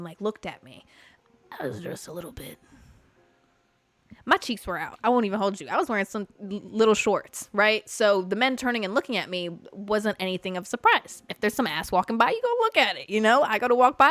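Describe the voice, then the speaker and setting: A young woman hosting a podcast, telling a story in casual chat, animated, full of fillers and swearing. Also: medium pitch, no echo. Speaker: podcast host. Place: Los Angeles.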